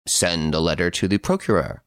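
A man reading an audiobook, voicing a serious, patient police detective who speaks in a slow, measured way. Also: deep voice, clean tone, no echo, studio quality, close to an everyday voice. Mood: earnest.

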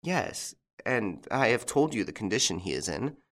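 A man's voice: fairly low pitch, very animated, normal speed, fairly bright tone. A man reading an audiobook, voicing an anxious, frightened young French woman from a country estate in a raised voice. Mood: earnest. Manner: anxious, breathless and pleading.

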